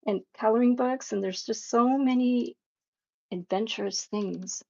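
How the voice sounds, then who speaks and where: A middle-aged woman chats with her viewers as she paints live. Her voice sits a little high and drops into a gravelly rasp, and she takes her time, laughing often. The sound is slightly dull and lo-fi. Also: measured pace. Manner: warm, emotional, laughs often, reads chat aloud. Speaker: livestream painting host.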